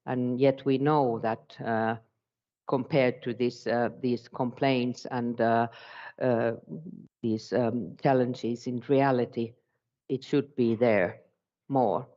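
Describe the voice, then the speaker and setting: Slow, mellow-voiced Finnish-accented man. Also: medium pitch, steady tone, lo-fi sound. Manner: halting, searching for words in a second language. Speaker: education speaker. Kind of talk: conference presentation.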